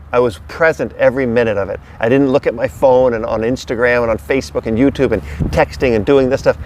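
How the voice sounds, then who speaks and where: A man's voice: mid-range voice, slight background noise. A middle-aged man, a dog trainer, talking casually to a camera someone else holds outdoors, with an emphatic, repetitive coaching delivery. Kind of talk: casual instructional talk to camera. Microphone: camera held by another person.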